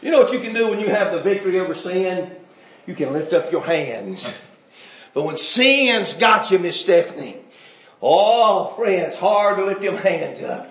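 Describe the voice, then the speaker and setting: A man preaching a folksy revival sermon, telling stories and building up to shouts. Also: sits high, lively intonation, normal speed, very echoey, distant mic. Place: church sanctuary.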